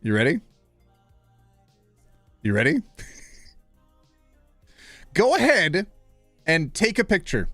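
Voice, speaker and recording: A man's voice: on the high side, huge pitch swings, very slow, pauses often, a bit bright, dry recording, faint music behind. A man in his thirties hosting a live stream, playful and self-deprecating, fumbling over names and joking with chat. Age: 30s.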